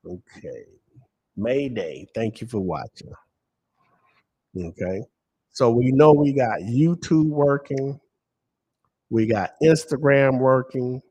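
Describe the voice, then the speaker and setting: A man with a lowish, darkish voice hosts a lottery live stream, guiding viewers through what's on screen. He's emphatic, posing questions to himself and then answering them.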